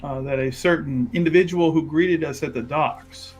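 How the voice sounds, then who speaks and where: A man voicing a courtly companion in a tabletop game, speaking in a halting, rambling way. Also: on the high side, darkish tone, slightly rough, faint music behind. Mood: earnest. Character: hesitant courtly companion addressing a prince.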